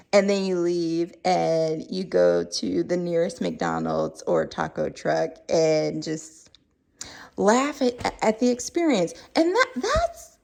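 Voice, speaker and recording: Woman, reviewer-vlogger, comic and rambling, fry-edged voice. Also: mid-range voice, a little mellow. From Southern United States. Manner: playful, rambling, comic storytelling with fillers. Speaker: candle reviewer. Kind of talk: casual storytelling review vlog.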